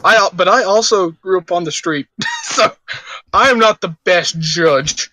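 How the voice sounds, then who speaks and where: Male player with a high, bright voice; giggly and halting, recorded dry. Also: huge pitch swings, dry recording. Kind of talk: casual chat at a game table.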